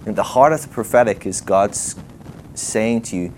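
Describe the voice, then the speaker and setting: A lower-pitched man preaching in a relaxed, conversational way, thinking out loud with lots of fillers and quick laughs. The delivery is animated and chatty rather than formal. A faint hum of noise sits behind him. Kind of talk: sermon teaching.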